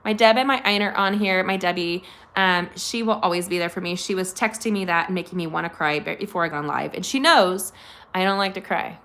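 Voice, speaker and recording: A woman's voice: on the low side, brisk, fairly bright tone. Middle-aged woman, craft host at home; bubbly and gushing, chats straight to her viewers. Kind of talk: chatty live craft tutorial.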